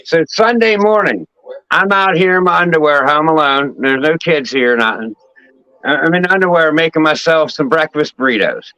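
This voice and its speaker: A man's voice: fairly high pitch, moderate pace, bright, forceful tone, smooth, lo-fi sound. A man from Pennsylvania hosting a casual talk show, telling rambling, profane stories in a loose, chatty way. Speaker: show host. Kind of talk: casual chat, storytelling.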